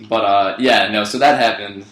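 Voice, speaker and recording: A man's voice: fairly low pitch, fairly even intonation, normal speed, a bit bright. A young man casually telling a rambling story on a podcast, swearing and laughing along as he goes. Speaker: podcast co-host. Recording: echoey room.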